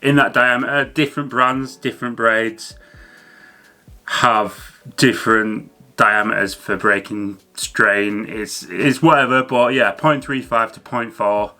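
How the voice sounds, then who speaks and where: A man hosting a fishing channel talks through his gear in a relaxed, chatty way, with plenty of fillers and restarts. His voice is bright and forward, and his pitch sits in the middle of the male range. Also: unhurried. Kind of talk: casual educational talk to camera.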